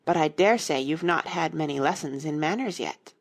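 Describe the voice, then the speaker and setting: In a low-pitched voice at normal speed, a woman plays a bossy, domineering storybook queen. She lectures and quizzes emphatically, sounding loud and stern.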